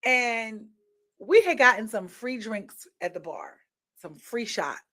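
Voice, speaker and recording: A high-pitched woman hosts a candid opinion show. She tells stories animatedly and keeps checking in with her listeners. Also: slow pace. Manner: animated storytelling, frequent rhetorical "right?" and laughter. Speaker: podcast host. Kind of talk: candid opinion talk addressing viewers.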